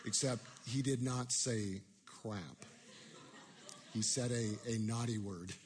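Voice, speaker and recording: A man's voice: medium pitch, steady tone, slow, darkish tone, big-room sound. A man preaching a sermon, telling a personal story in a self-deprecating way with many restarts.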